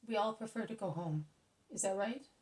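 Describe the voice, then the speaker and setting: Lady reading a gentle teacher guy, soft and reassuring, storybook voice, mic a bit far off. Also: mid-range voice, moderate pace, natural voice. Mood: soothing. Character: gentle grown man, calm spiritual teacher.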